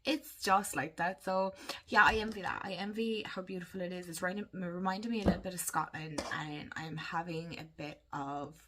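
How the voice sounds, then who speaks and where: A woman's voice: fairly low pitch, fairly even intonation, moderate pace, background noise. A woman in her thirties with an Irish accent, chatting casually to camera and laughing often as she talks. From Ireland. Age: 30s. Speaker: vlogger. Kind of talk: casual chat.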